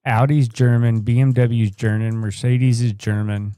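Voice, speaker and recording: A man's voice: mid-range voice, flat delivery, moderate pace, warm tone, clear, resonant tone, no room sound. An American man co-hosting a live podcast, rambling through opinions with casual swearing. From United States. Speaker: podcast co-host.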